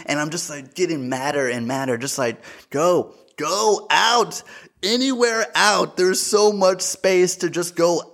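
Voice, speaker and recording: A young man hosting a casual solo podcast, telling a story with animated energy, swearing freely and calling his listeners dude. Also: on the high side, normal speed, hardly any pauses. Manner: animated storytelling, bursts into shouted voices. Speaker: podcast host.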